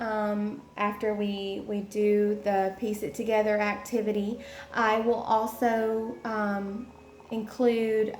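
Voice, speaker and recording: Young woman, education student presenting a lesson plan; slow and halting, lots of ums; echoey room. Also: medium pitch. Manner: halting, many ums, explains step by step. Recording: echoey room with faint noise.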